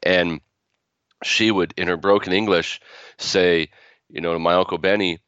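Very low-voiced man telling stories. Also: fairly even intonation, moderate pace, fairly bright tone, clear, resonant tone, no room sound. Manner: storytelling, frequent restarts. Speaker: guest author. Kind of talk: podcast interview. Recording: dull, lo-fi.

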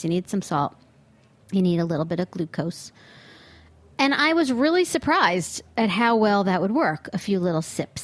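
In a studio booth, a woman with a mid-range voice hosts a food podcast alone, recorded on a studio microphone with no echo. Her opinionated monologue is exasperated and sarcastic, broken by bursts of disbelief.

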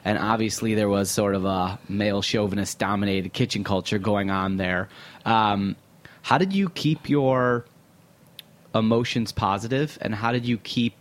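A man hosts a podcast and asks his guest thoughtful questions in an easy, conversational way. His voice is fairly low, and he sounds curious and engaged as he follows up on her answers. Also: fairly even intonation, normal speed. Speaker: podcast host. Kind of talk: conversational interview.

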